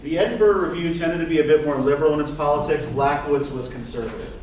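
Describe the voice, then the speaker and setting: A male lecturer gives a relaxed classroom talk, full of "um"s and "right?" checks to the students. His voice sits a little high. It comes from a mic well away from him in a very echoey room, with a faint hiss behind it. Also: fast, recorded from a distance. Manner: conversational, many fillers and tag questions. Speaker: literature lecturer.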